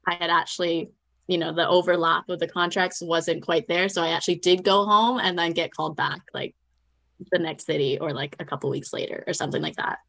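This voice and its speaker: A young woman with a slightly low voice tells her story as a guest in a relaxed interview. She is chatty and animated, slipping into quoted voices and laughing along the way. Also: brisk, creaky.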